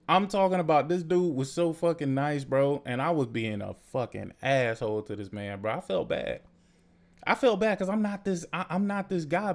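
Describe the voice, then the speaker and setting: A young man hosting a podcast, telling a story in casual, profane, animated chat. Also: a little high. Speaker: podcast host.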